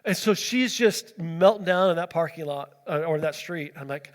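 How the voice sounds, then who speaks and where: A man preaching a sermon, telling a personal story in a chatty, animated way, full of fillers and acted-out quotes. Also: a little high, moderate pace, few pauses, big-room sound. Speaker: pastor.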